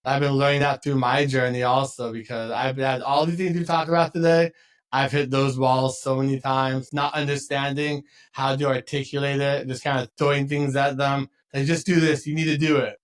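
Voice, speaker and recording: A man hosting a podcast, talking in a relaxed, chatty way and laughing often. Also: mid-range voice, normal speed. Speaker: podcast host. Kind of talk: casual conversation.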